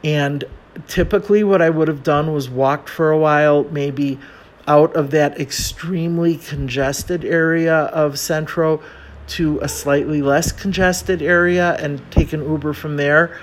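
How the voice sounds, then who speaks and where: A man's voice: fairly high pitch, steady tone, measured pace. An American man telling a self-mocking travel story in a chatty, casual way, with many fillers. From United States.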